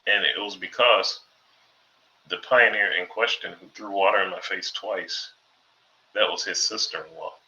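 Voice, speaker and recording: A man's voice: sits low, fairly even intonation, a little slow, bright, forceful tone, lo-fi sound. A man, a former Jehovah's Witness, telling a personal story in a laid-back, conversational way, full of "um" and "like". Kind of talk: casual storytelling monologue.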